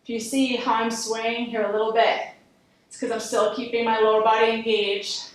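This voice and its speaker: A woman's voice: a little high, level tone, normal speed, far from the mic. A woman yoga instructor guiding a workout class, encouraging and counting down reps. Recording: echoey room, voice from off-mic.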